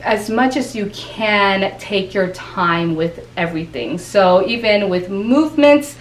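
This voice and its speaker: A woman speaking as a communication coach, explaining in a measured way and demonstrating tones of voice. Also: mid-range voice, lively intonation. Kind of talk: explanatory interview talk. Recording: echoey room, distant mic, faint hiss.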